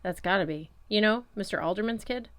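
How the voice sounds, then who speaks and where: A woman's voice: mid-range voice, a little fast, a bit bright, no room sound, natural voice. A woman voicing a contemptuous male elf police officer who speaks with an old-fashioned aristocratic manner. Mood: uneasy. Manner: old-fashioned aristocratic 1930s-style speech.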